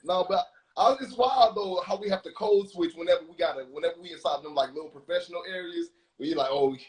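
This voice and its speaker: A man's voice: high-pitched, quick pace, a little mellow, low-quality recording. A man hosting a casual podcast, reacting to his guest with eager affirmations and questions. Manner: enthusiastic, affirming interjections. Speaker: podcast host. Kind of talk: casual chat.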